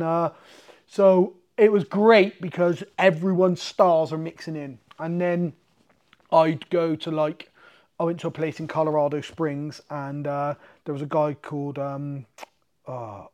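A man from the UK, a guest telling animated, swear-filled stories in a casual chat. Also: on the high side, unhurried. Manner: animated, swearing, acts out quotes. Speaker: podcast guest, MMA fighter.

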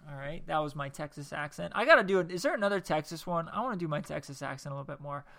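Bright-voiced man rambling through a podcast. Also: a little high, quick pace, gravelly. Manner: rambling, jokey, stumbles over words. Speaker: podcast host. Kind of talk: casual solo podcast, reading aloud.

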